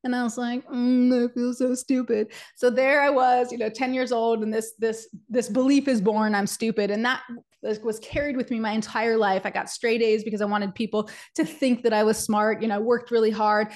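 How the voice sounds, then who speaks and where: A woman co-hosting a business webinar, telling a personal story in an animated, chatty way and speaking straight to her audience. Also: a little high, fairly quick. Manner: animated, chatty, many "like"s and acted-out quotes; addresses the audience directly. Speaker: webinar co-host and business coach. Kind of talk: energetic storytelling presentation.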